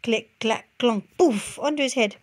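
A young mother reading a picture book aloud to her little ones, in a fairly high voice. She coaxes them along, asks questions and makes the story lively. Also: measured pace, very noisy. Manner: warm, coaxing and expressive with children. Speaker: parent reading to children.

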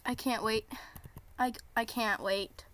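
In a live reaction vlog, a young woman waits for a show premiere, speaking slowly in a voice on the high side. She's nervous and jittery, gushing with excitement and saying the same things again and again.

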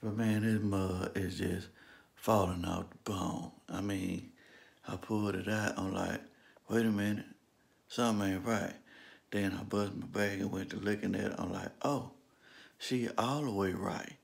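Brief: man, low gravelly voice, laid-back family vlogger at home. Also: fairly even intonation, normal speed. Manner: speaking low to keep from waking the house. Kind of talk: casual family vlog. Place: home kitchen.

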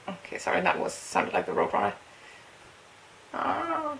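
A woman speaks English as a second language in casual, excitable commentary. Her pitch sits in an ordinary middle range. She muses aloud, then breaks into squeals and giggles. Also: a little slow, gravelly, poor audio. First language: not English. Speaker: webtoon reaction host.

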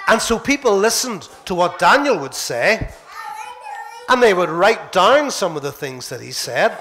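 A man with a Northern Irish accent, a minister telling a Bible story to children in church, playful and animated. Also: sits high, slight background noise.

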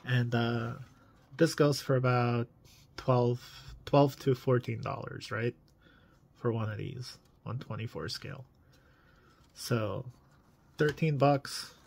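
A man's voice: mid-range voice, vocal fry. A man casually reviewing collectible toy cars in an enthusiastic, chatty way, full of fillers.

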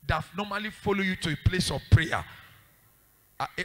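A male pastor preaching in a church service, swinging between shouted commands and hushed pleading in a sing-song cadence. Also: medium pitch, very animated, normal speed, long pauses. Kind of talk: fiery prayer sermon.

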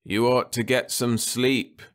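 A man's voice: medium pitch, level tone, takes it slowly, voice pushed up, natural voice. A man voicing a stubborn dying old spaceman who talks with sardonic defiance from his bed. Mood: wry.

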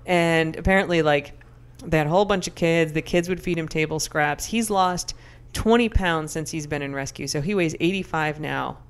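Young woman podcast co-host, smooth clear voice, lively chatty storyteller. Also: low-pitched, normal speed, few pauses. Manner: animated, chatty storyteller with many fillers. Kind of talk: casual chat.

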